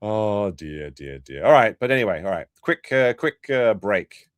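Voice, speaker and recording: A man's voice: lowish voice, sing-song, measured pace, clear, resonant tone, dry recording. Profane, mocking male stream host. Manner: profane, mocking, breaks into loud laughs. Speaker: livestream commentary host. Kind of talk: casual live-stream commentary.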